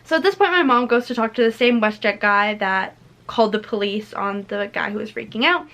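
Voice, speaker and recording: A woman's voice: mid-range voice, fairly quick, a bit bright. A teenage girl telling a storytime vlog into her camera, chatty and full of "like" and "literally.". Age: teens. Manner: chatty, filler-heavy retelling with frequent "like" and "literally". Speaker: vlogger. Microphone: camera mic.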